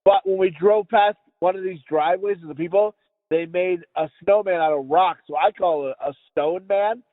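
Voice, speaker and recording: A middle-aged man rambles through a casual podcast chat, full of swearing and laughter. His voice sits high for a man. It comes through a tinny phone line with a close, dry sound. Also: normal speed, no echo. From United States. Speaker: podcast host.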